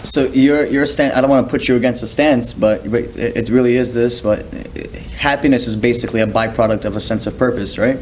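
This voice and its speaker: A man's voice: medium pitch, steady tone, brisk, few pauses, darkish tone, slight background noise. A man hosting a podcast, asking questions casually, stumbling and restarting mid-sentence and laughing easily. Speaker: podcast host. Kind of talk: casual interview chat.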